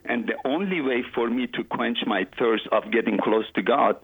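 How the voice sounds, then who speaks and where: A man in his forties from Iran, speaking with an Iranian accent as a guest, heartfelt and halting as he tells his story. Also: medium pitch, slightly rough, no echo, low-quality recording. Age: 40s.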